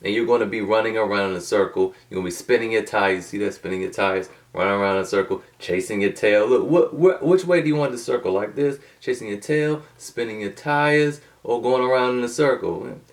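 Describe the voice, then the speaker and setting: A man with a fairly low voice talks to camera in a loose, rambling way, full of slang, restarts and side tangents. He sits back from the microphone, so the sound is a little distant. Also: fast talker, hardly any pauses. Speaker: motivational video host. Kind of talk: casual talking-to-camera monologue.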